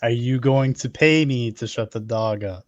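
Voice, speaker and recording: A man's voice: medium pitch, moderate pace, no room sound, dull audio. A man playing a tabletop game, laid-back and joking. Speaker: player. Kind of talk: casual tabletop play.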